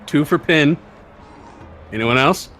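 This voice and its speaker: A man's voice: a little high, slow, a bit bright, a little hiss or hum. A man playing a tabletop game, chatting casually, swearing and checking the rules aloud. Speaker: player.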